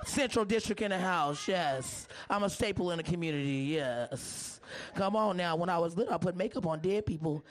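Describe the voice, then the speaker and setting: A hoarse-voiced woman working a stand-up crowd, brash and foul-mouthed, constantly ribbing the people in front of her. Her delivery is loud and loose. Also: on the low side, lively intonation, normal speed. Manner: brash, profane, teasing the audience. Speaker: stand-up comedian. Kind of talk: live stand-up set.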